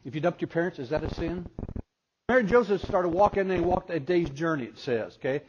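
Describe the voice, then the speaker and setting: A man preaching with humor to a conference crowd, spinning stories and putting on the voices of people in them. His voice sits a bit high for a man. The recording is muffled and lo-fi with a light hiss behind it. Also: quick pace. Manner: animated storyteller who acts out voices. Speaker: speaker at a parenting conference. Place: conference hall before an audience. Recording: dull lo-fi recording with faint noise.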